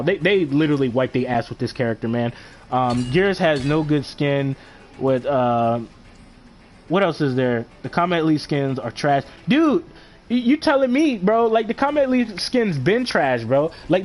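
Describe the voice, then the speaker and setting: A man with a somewhat higher voice streams live in a casual rant. He sounds exasperated, swears freely and talks in heavy slang, circling back to his complaints over and over. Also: darkish tone. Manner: exasperated, profane, slangy ranting.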